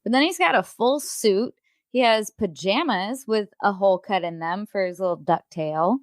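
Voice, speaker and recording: A woman's voice: medium pitch, moderate pace, no echo, studio quality. A woman co-hosting a casual podcast chat, asking curious questions. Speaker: podcast co-host.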